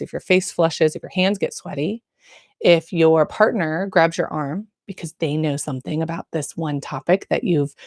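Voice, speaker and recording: A woman's voice: fairly low pitch, no echo, clean studio sound. A woman who works as a birth nurse, giving frank, slangy, encouraging advice straight to camera. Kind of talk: casual direct-to-camera advice.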